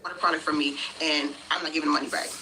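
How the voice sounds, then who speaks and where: A woman with a bright, forceful voice tells the story of a dispute with indignation and voices both sides of a phone call. The recording has a faint hiss of background noise behind her. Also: low-pitched, steady tone, racing. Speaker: customer telling her refund story. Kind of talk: storytelling vlog.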